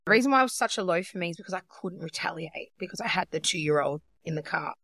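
Lively woman telling a story. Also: lowish voice, quick pace, creaky, dry recording, studio quality. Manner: animated storyteller, acts out quotes. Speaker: podcast co-host. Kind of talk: casual chat.

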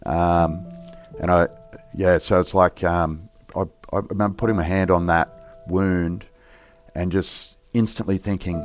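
A middle-aged man, a police officer, recounting a personal story in an interview in a halting, reflective, plain-spoken way. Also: sits low, steady tone, faint music behind.

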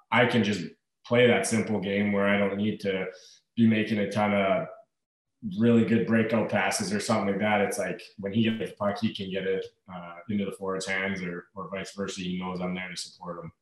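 Low-voiced man in an echoey room. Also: flat delivery, fairly quick. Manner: easygoing, rambling with fillers. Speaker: hockey player guest. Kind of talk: casual interview chat.

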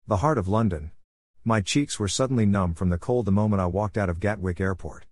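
A man from the Philippines, reading his own reflective essay in a measured scripted narration. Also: on the low side, darkish tone, dry recording.

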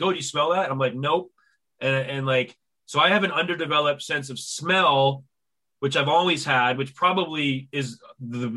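A man hosts a casual podcast chat with a bright, forward voice a touch higher than most. He tells stories with energy, stammering on repeated words before finding his flow. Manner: animated storyteller, stammers at starts. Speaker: podcast host. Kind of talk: casual conversation.

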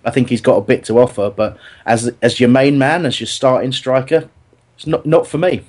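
Brief: male podcast host, mid pitch, heated football debate, restarts a lot. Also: moderate pace. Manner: animated, argumentative, lots of restarts. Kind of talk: casual chat.

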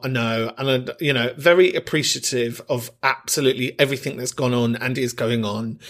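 A man's voice: medium pitch, a bit bright. A man hosting a podcast, talking in an effusive, chatty, self-mocking way. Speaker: podcast host. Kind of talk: casual chat.

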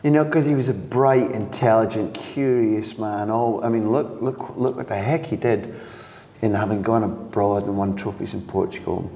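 A man's voice: on the low side, normal speed, vocal fry, warm tone, echoey room, in a large hall. A male interviewer asking curious, prompting questions in a casual interview.

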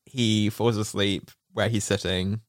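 A woman's voice: extremely low pitch, fairly even intonation, unhurried, dry recording, clean studio sound. A woman co-hosting a casual podcast chat, laughing a lot and making self-deprecating asides. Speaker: podcast co-host.

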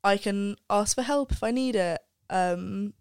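A young woman speaks frankly and thoughtfully in relaxed podcast chat. Her voice is smooth and clear. The sound is close and dry, with no room echo. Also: mid-range voice, measured pace. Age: young adult. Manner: candid, swears freely, reflective. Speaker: podcast guest, undergraduate. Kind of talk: casual chat.

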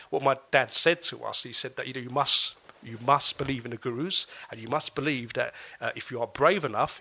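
A man tells a personal story as an interview guest. He talks animatedly, with a bright and forceful tone. He often restarts his sentences mid-thought. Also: medium pitch. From England.

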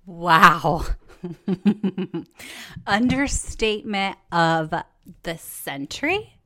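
A woman hosting a casual podcast, her voice hoarse and cracking in and out, chatty and joking, with free swearing. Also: on the low side, animated, extremely slow, pushed and bright. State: hoarse, voice going in and out. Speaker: podcast host.

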